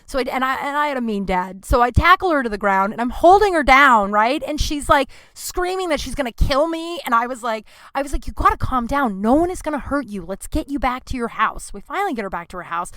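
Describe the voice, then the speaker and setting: A woman in her thirties hosting a podcast, telling a rambling, profane story in a casual, animated way. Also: high-pitched, brisk, few pauses, dry recording. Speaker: podcast host.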